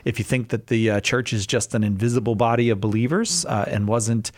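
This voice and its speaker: A man's voice: lowish voice, brisk, no room sound. Radio host guy, jokey and chatty, dry studio mic sound. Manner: jovial, chatty, gives the call-in number. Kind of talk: radio call-in host banter.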